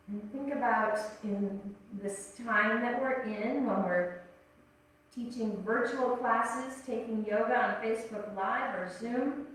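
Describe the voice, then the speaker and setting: A woman teaching a yoga class, giving calm, gently paced cues and counting breaths. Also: mid-range voice. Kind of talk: guided yoga instruction. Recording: echoey room, voice from a distance.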